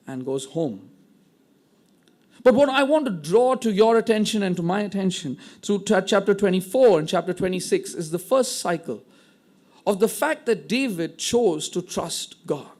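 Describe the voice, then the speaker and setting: A man's voice: high voice, darkish tone. A man preaching a sermon, retelling a scripture story with dramatic quoted dialogue. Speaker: pastor.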